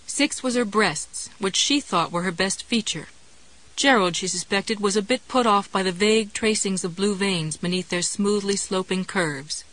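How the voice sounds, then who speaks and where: A woman narrating a novel in a measured, wry storytelling manner. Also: fairly low pitch, a bit bright, low-quality recording. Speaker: audiobook narrator. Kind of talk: scripted narration.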